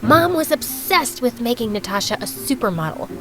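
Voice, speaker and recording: A woman narrating an animated story as a bookish rich teenage girl, in a chatty, dramatic way. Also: on the high side, normal speed, music in the background, low-quality recording.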